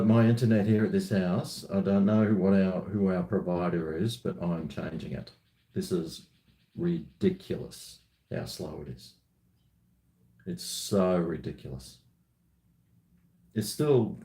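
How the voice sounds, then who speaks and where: Relaxed and warm-toned, a low-voiced Australian man drinks while casually chatting and joking with his live-stream viewers at home, with roomy sound around him.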